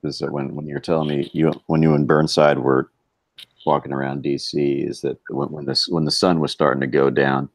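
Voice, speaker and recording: A co-host with an extremely low, rumbling voice talks casually and keeps restarting his sentences. The sound is dry and close, with no room in it. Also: little pitch movement, vocal fry, no room sound. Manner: halting, many restarts. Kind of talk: casual chat.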